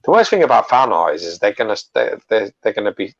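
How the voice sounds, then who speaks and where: Man, very deep voice, opinionated, profane, lo-fi recording. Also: big pitch swings, vocal fry. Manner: opinionated, profane, halting restarts. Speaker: collectibles show co-host. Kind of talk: casual chat.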